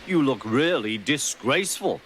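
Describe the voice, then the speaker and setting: A man's voice: mid-range voice, expressive, unhurried, fairly bright tone, a little hiss or hum, rough recording. A man voicing a teasing young male engine who chuckles at his friend, in a storybook reading.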